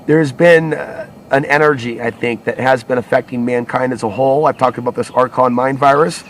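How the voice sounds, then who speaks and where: A man's voice: medium pitch, steady tone, brisk, slight background noise. A man talks alone to his audience in a loose, wandering monologue. He stops and corrects himself often, circling back to repeat and rephrase his points as he goes. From United States. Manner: rambling, restarts and self-corrections. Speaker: alternative media channel host. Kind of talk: solo monologue to camera.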